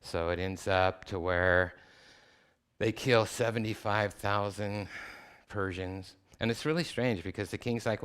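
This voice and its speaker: A man's voice: fairly low pitch, fairly even intonation, unhurried, a bit bright, clear, resonant tone. A male guest speaker giving a chapel sermon, retelling a scripture story in casual, everyday slang.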